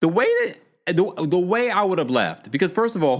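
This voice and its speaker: Animated chatty man recapping TV. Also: high voice, normal speed. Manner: animated, chatty, laughs often, dramatic asides. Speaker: podcast host recapping a reality show. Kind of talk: casual recap commentary.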